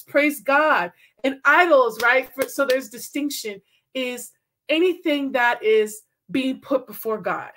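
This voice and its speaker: A woman's voice: high voice, slow, a bit bright. A woman preaching a casual video sermon in a slangy, fervent way, often checking in with her listeners. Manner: casual, slangy, fervent, keeps asking "right?".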